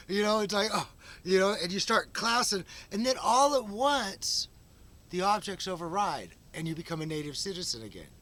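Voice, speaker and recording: High-pitched, bright rambling man. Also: lively intonation, moderate pace. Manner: rambling, with many restarts and fillers. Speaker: vlog host. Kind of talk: unscripted monologue.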